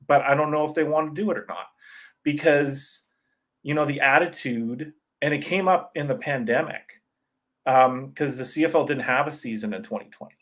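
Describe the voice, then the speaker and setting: A man chatting as a podcast guest in a sparse room of his new house, rambling and animated, laughing often. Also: medium pitch, normal speed. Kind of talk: casual sports chat.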